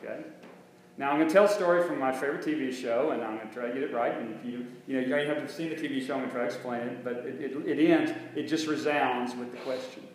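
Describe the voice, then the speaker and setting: Preacher in a booming, echoey church. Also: male voice, fast talker. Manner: conversational, many restarts and rhetorical questions. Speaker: minister. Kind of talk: sermon. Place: church sanctuary. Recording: very echoey church room with faint hum.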